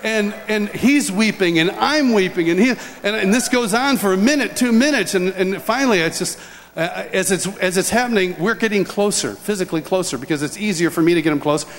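A man's voice: high-pitched, brisk. A man giving a humorous personal testimony, acting out scenes as he tells them. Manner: animated, acts out scenes and voices. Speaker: speaker telling a personal testimony. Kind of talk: humorous storytelling talk. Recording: large hall reverb, faint ambience.

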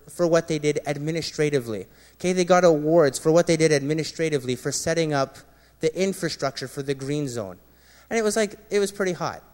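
Earnest man telling his story in a hall. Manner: earnest storytelling, often dropping quiet and low at painful moments. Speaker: former Marine sharing a testimony. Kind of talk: personal testimony to a gathering. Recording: long reverb of a large hall.

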